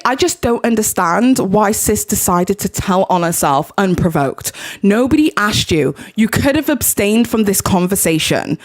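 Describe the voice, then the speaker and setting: A woman with a British accent hosting a live commentary stream, chatting casually about clips and reacting with her guests. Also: mid-range voice. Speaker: livestream host.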